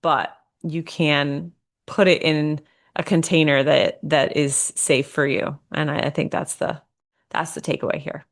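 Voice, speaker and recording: A woman's voice: deep voice, steady tone, unhurried. A woman co-hosting a podcast in casual chat, explaining ideas at length in a reflective way. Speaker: podcast co-host.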